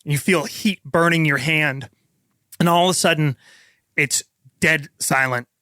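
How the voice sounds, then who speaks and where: A man with a bright, forceful voice narrates a tabletop game as its game master. He paints vivid scenes in a casual way, with fillers and restarts, his pitch a little high for a man. The sound is dry and close to the mic. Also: a little slow, dry recording.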